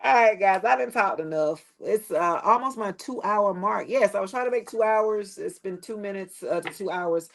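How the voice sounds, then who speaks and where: A woman's voice: medium pitch, moderate pace, vocal fry, few pauses. Middle-aged woman, live-stream host, rambling and blunt, talks straight to camera. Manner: rambling, emphatic, blunt with swearing. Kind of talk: casual live-stream chat.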